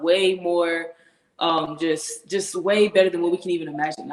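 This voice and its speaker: A young woman, a professional football player, talking earnestly as an interview guest, laughing often and repeating herself as she talks. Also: sits low. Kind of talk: casual interview chat. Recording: echoey room.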